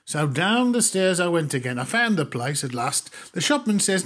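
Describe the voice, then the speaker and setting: High-voiced man in comic patter. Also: animated, moderate pace, a bit bright. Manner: exasperated comic storytelling in rhythmic patter. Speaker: comic performer. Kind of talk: music hall comic monologue.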